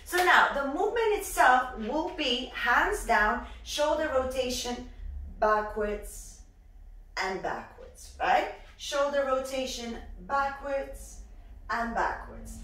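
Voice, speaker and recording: A young woman teaching a dance lesson in an upbeat way, counting the beats out loud. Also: sits high. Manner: lively, counts beats aloud. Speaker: dance instructor. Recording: echoey room from far off.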